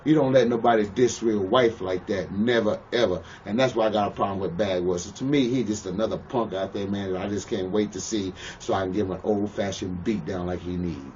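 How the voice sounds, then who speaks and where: A man's voice: low-pitched, brisk, few pauses, darkish tone. A man in a shoot interview, talking bluntly and profanely and often checking "you know what I'm saying.". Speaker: pro wrestler interviewee. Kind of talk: shoot interview, casual storytelling. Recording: muffled, distant mic with faint hiss.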